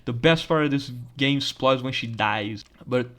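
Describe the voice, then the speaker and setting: A young man doing casual gameplay commentary in a voice of middling pitch. He rants with plenty of swearing and breaks into laughter often. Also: normal speed, a bit bright. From Brazil. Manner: profane, ranting, laughs often. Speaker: gaming channel host.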